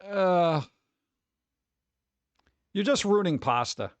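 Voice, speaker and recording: A man giving casual live-stream commentary with a slightly high voice. He rambles, trips over words and sounds exasperated and sarcastic. The recording is dry and close. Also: lively intonation, extremely slow, no echo. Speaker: streamer reacting to food videos.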